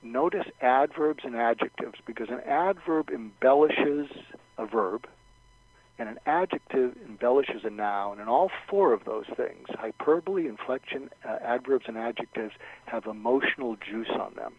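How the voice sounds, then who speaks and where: Husky man, calm expert advice. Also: mid-range voice, normal speed, dry recording. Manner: thoughtful, repeats words, acts out sample lines. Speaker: guest expert. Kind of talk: conversational advice with acted examples. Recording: dull, lo-fi radio sound.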